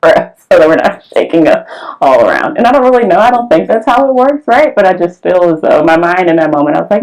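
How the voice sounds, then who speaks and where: Animated woman podcast co-host. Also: lowish voice, fast talker, low-quality recording. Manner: animated storyteller, acts out quotes. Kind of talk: casual chat.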